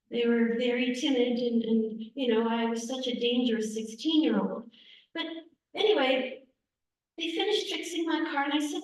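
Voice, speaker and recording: A middle-aged woman from the United States tells a personal story to a gathering at a church, her voice pitched high. She speaks conversationally, repeating phrases for emphasis. The recording catches her from a distance in a big, echoey hall. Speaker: invited speaker.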